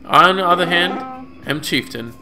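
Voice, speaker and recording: A man reading a proud, scheming male Wookiee chieftain's lines with slow, pompous proclamations. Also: sits high, animated, voice pushed up. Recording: game music under voice. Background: game music.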